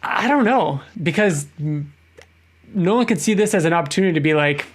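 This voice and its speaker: A man's voice: on the high side, animated, a little fast, noisy background. A man co-hosting a podcast in casual chat, easygoing and agreeable, thinking aloud. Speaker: podcast co-host.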